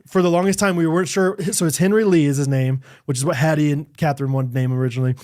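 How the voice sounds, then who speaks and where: A man in his thirties co-hosting a podcast, telling a story in casual chat, acting out what people said with sudden jumps up in pitch and frequent laughter. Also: fairly even intonation, rapid-fire, a little mellow. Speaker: podcast co-host.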